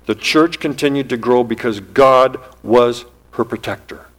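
A man's voice: medium pitch, a little slow, a bit bright, low-quality recording. A man preaching a sermon in an earnest, emphatic style, his voice rising and dropping as he speaks. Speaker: pastor.

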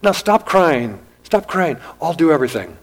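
A man's voice: on the high side, big pitch swings, normal speed, voice pushed up, low-quality recording. A man voicing a kindly older woman on the phone in a sermon story, speaking in a soothing, reassuring way.

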